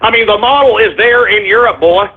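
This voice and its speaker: A man's voice: high-pitched, a little fast, slightly rough. A man hosting a talk radio show, delivering an angry, profane political rant. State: furious. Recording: tinny phone-like lo-fi radio audio.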